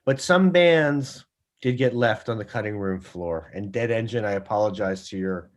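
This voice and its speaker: A man's voice: lowish voice, moderate pace. Man telling a rambling rock story. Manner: rambling, lively storyteller who acts out quotes. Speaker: guest author. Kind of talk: animated anecdote telling on a talk show.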